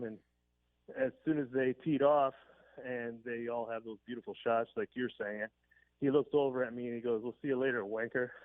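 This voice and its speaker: A man's voice: medium pitch, no room sound. A man phoning in to a radio talk show, rambling through a story with plenty of fillers and a chuckle here and there. His voice comes down a thin, phone-like line. It sounds dry and close, with no room around it. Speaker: caller. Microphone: telephone.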